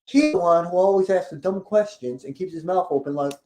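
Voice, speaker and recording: A woman's voice: fairly low pitch, brisk, warm tone. Opinionated woman in an echoey room. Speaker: podcast co-host. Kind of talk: casual chat.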